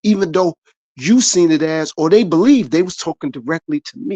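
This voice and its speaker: A man's voice: a little high, animated, a little fast, darkish tone, dry recording. A middle-aged man from the United States, talking earnestly and repetitively about his own life in a motivational podcast monologue. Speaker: podcast host.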